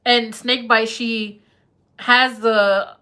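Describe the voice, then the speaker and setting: A woman's voice: on the high side, little pitch movement, drawn-out words, pushed and bright. A woman doing a live tarot reading in a chatty, laughing, slangy way. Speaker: tarot reader.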